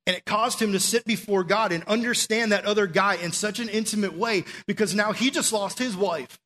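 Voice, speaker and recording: A man with a voice a touch higher than most delivers a sermon as easygoing storytelling. His talk is loose and chatty, full of "like" and small restarts, more friendly conversation than pulpit oratory. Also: fairly quick, sharp tone. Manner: conversational storytelling with frequent "like" fillers. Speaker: preacher.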